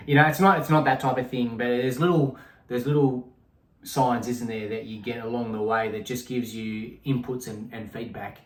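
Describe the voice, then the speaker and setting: A man's voice: mid-range voice, steady tone, normal speed. Reflective man in an echoey room. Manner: reflective, rambling with restarts. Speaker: podcast co-host. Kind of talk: casual conversational chat.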